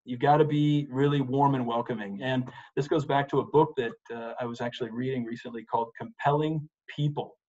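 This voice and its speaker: A man's voice: medium pitch, steady tone, brisk, hardly any pauses, darkish tone, dull audio. A middle-aged man coaching lawyers in a webinar from his home office, talking with energy and stressing points by repeating "you've gotta". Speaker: advocacy and presentation coach. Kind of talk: webinar presentation. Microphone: desk microphone.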